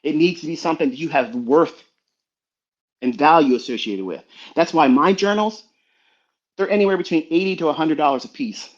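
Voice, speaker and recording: A man's voice: fairly high pitch, animated, a little fast. A middle-aged man giving a blunt, profane motivational lecture full of rhetorical questions, on a dull recording. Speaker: trading mentor. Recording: dull lo-fi sound.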